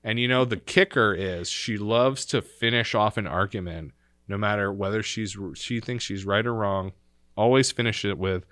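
A man talking casually as a podcast guest, telling animated family stories and sometimes acting out other people's voices. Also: lowish voice, moderate pace, no echo. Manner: animated storyteller, acts out his grandmother in a raised voice. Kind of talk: casual chat.

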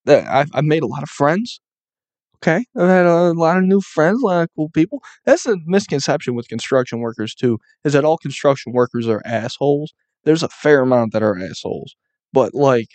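A man's voice: medium pitch, darkish tone, no echo. A young man who works as a construction painter, ranting casually and rambling, with heavy swearing and lots of "like" fillers. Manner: profane, rambling, many "like" fillers.

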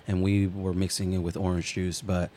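Podcast co-host, male, lowish voice, loose and profane, rambling storyteller. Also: flat delivery, normal speed, warm tone. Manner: swears freely, rambling anecdotes, acts out quotes. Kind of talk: casual storytelling chat.

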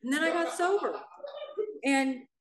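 A middle-aged woman, main speaker at a recovery meeting, telling her own story in a blunt, animated way and acting out the voices of people she quotes. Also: high voice, measured pace, crowd noise. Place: meeting room in a church. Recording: roomy sound, mic at a distance.

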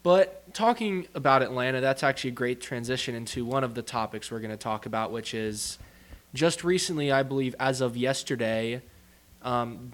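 Young man, podcast co-host, casual chat, opinionated and rambling, mid-range voice. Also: medium pitch. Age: young adult.

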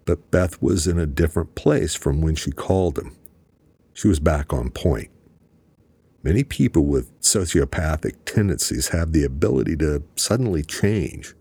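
A man narrating an audiobook in a steady, measured storytelling voice. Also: rumbling low, slightly rough, no room sound. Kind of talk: scripted narration.

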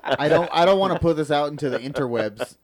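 A young man co-hosting a podcast in loose, profane casual chat, now and then bursting into loud playful outbursts. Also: on the high side, fast, crowd noise. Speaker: podcast co-host.

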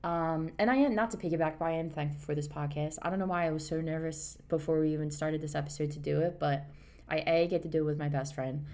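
A woman in her thirties co-hosts a casual podcast, her voice low and rough with fry. She talks earnestly and rambles, restarting her thoughts as she goes. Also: fairly even intonation, fast talker, a little mellow. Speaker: podcast co-host. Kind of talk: casual chat.

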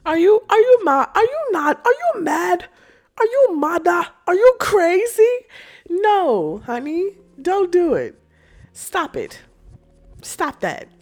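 A young woman rants slowly on her casual podcast, her very high voice swinging widely in pitch. She curses a lot, laughs often, and mocks the people she describes.

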